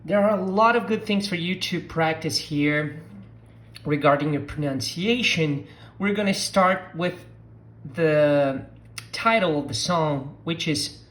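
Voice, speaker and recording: Slow, deliberate teacher. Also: mid-range voice. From southern Brazil. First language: Portuguese. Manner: deliberate, models words for the listener to repeat. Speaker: language teacher. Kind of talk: language lesson.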